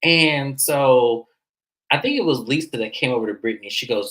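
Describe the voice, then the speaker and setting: Animated low-voiced woman recapping reality TV. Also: fairly quick, rough recording. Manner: animated, swears freely, acts out quotes in high voices. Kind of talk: casual recap chat.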